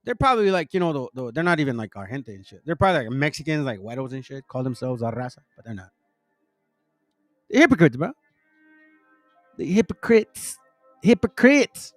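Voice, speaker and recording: A man's voice: medium pitch, animated, very fast, hardly any pauses, fairly bright tone, dry recording, faint music behind. A middle-aged man talking casually and rambling to his online audience, using slang, calling them bro and family, and acting out the people in his stories. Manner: retells stories acting out each character. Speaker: online religious commentator.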